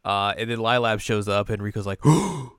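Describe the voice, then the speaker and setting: A man casually recapping an anime episode, acting out the characters' lines in high squeaky voices. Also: moderate pace, fairly bright tone, smooth, no echo, clean studio sound. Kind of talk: casual reaction chat.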